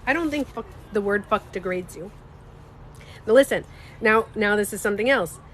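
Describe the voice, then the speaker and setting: A woman beauty coach chatting candidly on a livestream, animated, swearing freely and laughing often. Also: mid-range voice, normal speed, slight background noise. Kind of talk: casual livestream chat.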